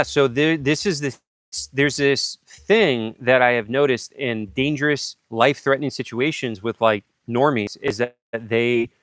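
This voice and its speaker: A man hosting a livestream, telling a story casually and acting out sound effects and shouted lines. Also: medium pitch, dry recording, clean studio sound. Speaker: livestream host.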